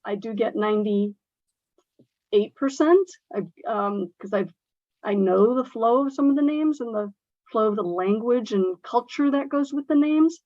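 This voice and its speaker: Woman, language teacher, emphatic, fairly high voice, dull lo-fi sound. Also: measured pace, dry recording. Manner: earnest, emphatic, many fillers. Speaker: ESL instructor. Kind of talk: discussion remark in a workshop.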